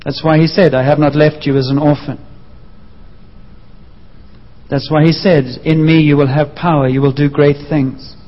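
A man preaching a sermon, telling a story with lively acted-out voices. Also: on the high side, brisk. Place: church hall. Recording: dull sound with long hall reverb.

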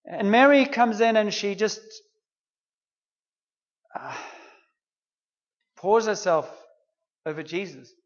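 A man's voice: high-pitched, animated, takes it slowly, long pauses, lo-fi sound. A man preaching a sermon, retelling a story in an earnest, conversational way.

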